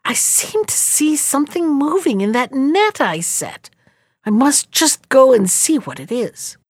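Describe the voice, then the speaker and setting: A woman's voice: high-pitched, sing-song, unhurried, dry recording, clean studio sound, voice pushed up, exaggerated voice. A woman voicing a crafty old peasant man who feigns wonder to fool his wife. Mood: sly. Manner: sly, coaxing, feigns wonder.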